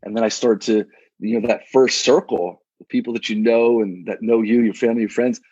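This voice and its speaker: A man's voice: on the low side, steady tone, brisk, dark tone, breathy edge, dry recording, dull audio. A man in his thirties, a coach and guest on a casual podcast, talking in a laid-back, slangy way with frequent restarts.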